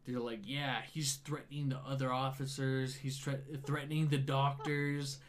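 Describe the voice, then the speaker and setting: A man's voice: mid-range voice, normal speed, a little hiss or hum. Profane man retelling a wild night. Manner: profane, animated retelling with quoted dialogue. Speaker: storyteller. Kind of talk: casual storytelling chat.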